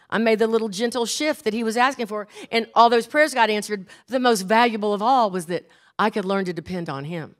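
An older woman preaching a sermon in church, earnest and emphatic, slowing down and repeating key phrases. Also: fairly high pitch, a bit bright.

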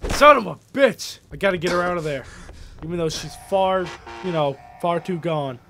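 A young man hosting a let's play, reacting out loud with lots of swearing and animated outbursts. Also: on the high side, moderate pace, a little hiss or hum. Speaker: gaming video host.

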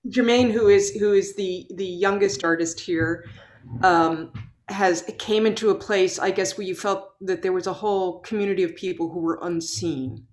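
A woman moderating a panel discussion. She introduces the next speaker with soft hesitations. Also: medium pitch, fairly even intonation, moderate pace.

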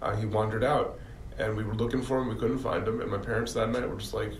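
A man chatting casually, telling relaxed anecdotes. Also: on the low side, fast talker, distant mic. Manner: relaxed, storytelling, animated. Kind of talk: casual chat. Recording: roomy audio from off-mic with faint background hum.

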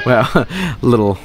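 A young adult man streaming, reacting with excitable, profane, animated storytelling. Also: a little high. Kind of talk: live stream reaction commentary.

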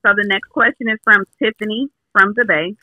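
A man's voice: sits high, fairly even intonation, brisk, no echo, phone-quality sound. A man co-hosting a casual podcast, reading listener letters aloud and teasing the host.

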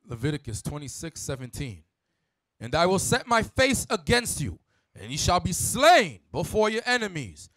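A man reading scripture aloud in a formal, measured way. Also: sits high, wildly swooping pitch, a bit bright, no echo. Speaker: scripture reader.

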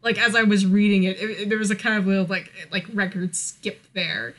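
Bright, chatty American woman. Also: medium pitch, fairly even intonation, fairly quick. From United States. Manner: chatty, lots of fillers, laughs often. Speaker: podcast co-host. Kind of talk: casual chat.

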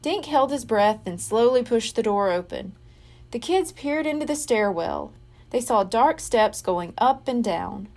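A woman reading a children's mystery book aloud, slowly and expressively. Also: a little high, animated, darkish tone. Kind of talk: read-aloud storybook narration.

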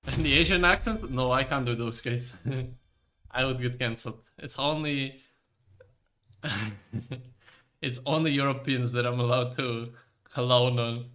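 Bright-voiced joking game streamer man. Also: mid-range voice, slow pace, pauses often. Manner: joking, profane, chatty. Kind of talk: casual gaming stream chat.

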